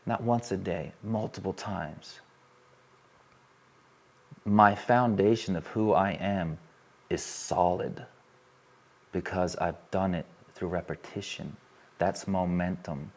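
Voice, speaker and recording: An earnest man with a very low voice speaks from a stage to a live audience. He repeats phrases as he presses a point, then drops to a softer, quieter tone. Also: steady tone, slow, long pauses. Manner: earnest, repetitive, builds intensity then softens. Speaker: workshop speaker. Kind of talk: emotional live talk to an audience.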